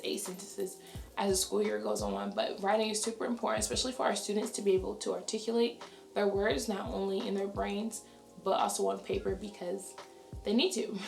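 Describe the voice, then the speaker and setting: A young adult woman, a schoolteacher, talking fast and chatty in a casual vlog, her voice raspy and tired. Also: medium pitch, reverberant. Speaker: elementary school teacher. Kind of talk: casual vlog talk to camera.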